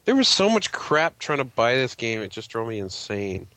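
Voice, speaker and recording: A man's voice: medium pitch, sing-song, normal speed, fairly bright tone, no echo. A man co-hosting a podcast, chatting casually with an exasperated, joking manner. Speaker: podcast co-host. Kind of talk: casual chat.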